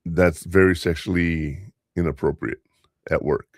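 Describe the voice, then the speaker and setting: A man's voice: deep voice, fairly even intonation, measured pace, dry recording, studio quality. An older man hosting a podcast in casual chat, rambling through stories and acting out other people's lines. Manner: rambling storyteller, quoting others in voices. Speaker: podcast host.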